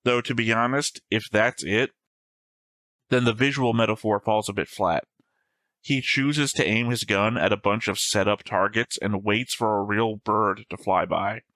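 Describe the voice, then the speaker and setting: A man's voice: lowish voice, unhurried, fairly bright tone, dry recording. A man co-hosting an anime reaction show, chatting casually and reading his notes in a dry, contrarian way.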